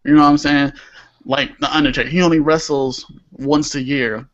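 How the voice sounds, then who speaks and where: A young man with a slightly high voice, co-hosting a wrestling-style chat podcast. He talks animatedly, laughs easily and swears when something annoys him. The audio is muffled and lo-fi. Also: flat delivery, normal speed. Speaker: podcast co-host. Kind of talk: casual chat.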